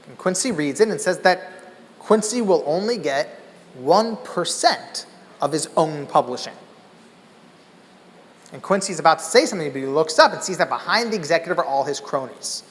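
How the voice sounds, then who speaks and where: A man from Los Angeles telling an animated story in a keynote talk, acting out the people in it. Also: a little high, moderate pace. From Los Angeles, USA. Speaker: keynote speaker. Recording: echoey conference hall.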